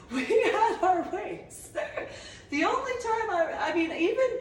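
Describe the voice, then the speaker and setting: Slow-talking New Jersey woman, meandering vlogger who laughs often; heard from a distance. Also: very high voice, a little hiss or hum. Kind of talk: rambling personal monologue. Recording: roomy echo, voice from a distance.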